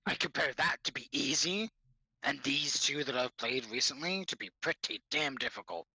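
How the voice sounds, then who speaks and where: Husky, forceful man with an accent. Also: mid-range voice, normal speed, no echo, rough recording. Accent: non-native English accent. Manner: laughs often, swears freely, animated. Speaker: podcast co-host. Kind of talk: casual gaming chat.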